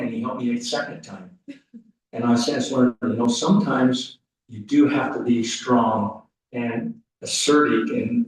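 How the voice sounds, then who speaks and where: A man giving a rambling, folksy eulogy at a funeral service, full of halting restarts. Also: mid-range voice. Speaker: funeral speaker. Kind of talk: eulogy storytelling. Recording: echoey hall, mic off at a distance.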